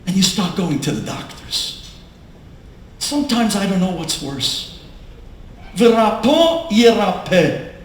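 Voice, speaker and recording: A young adult man, a rabbi giving an inspirational talk, telling his story dramatically and swinging from hushed tones to shouts. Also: high-pitched, big pitch swings, measured pace, long pauses. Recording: echoey hall with faint room noise.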